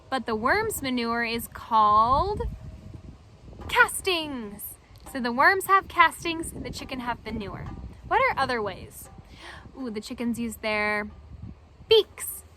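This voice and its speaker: Animated woman reading to children. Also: on the high side, slow, long pauses, slight background noise, low-quality recording. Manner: animated, asks children questions. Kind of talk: children's story read-aloud.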